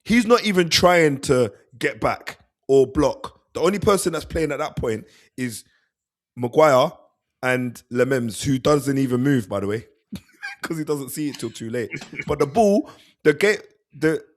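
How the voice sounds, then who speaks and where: An animated man talks football on a podcast. He acts out players' thoughts in quick asides and laughs as he goes. His pitch sits in the middle for a man. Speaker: podcast co-host. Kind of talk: casual football chat.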